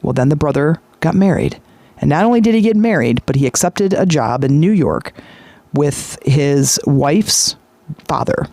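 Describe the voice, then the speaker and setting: A man hosting a podcast, retelling a story in a lively, chatty way with frequent fillers. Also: a little high, measured pace, creaky, no echo. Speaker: podcast host. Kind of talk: casual storytelling monologue.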